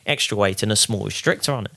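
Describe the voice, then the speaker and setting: A man, a racing driver guest on a podcast, telling casual stories in a lively way, often acting out what other people said. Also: on the low side, fast talker, vocal fry. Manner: lively, quotes others mid-story. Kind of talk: casual anecdotal storytelling.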